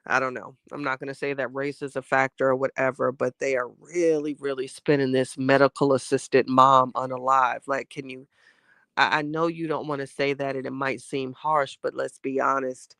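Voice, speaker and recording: A man's voice: mid-range voice, pushed and bright, clean tone, no echo, studio quality. A man hosting a casual chat show, talking candidly and at length while getting over a cold. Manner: candid, rambling, heartfelt commentary. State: has a cold. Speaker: host.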